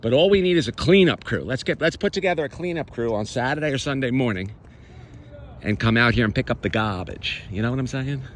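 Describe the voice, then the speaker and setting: A man's voice: medium pitch, animated, a little fast, a little hiss or hum. A man walking through his own neighborhood outdoors, chatting to the camera in a casual, sarcastic way. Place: outdoors on city streets.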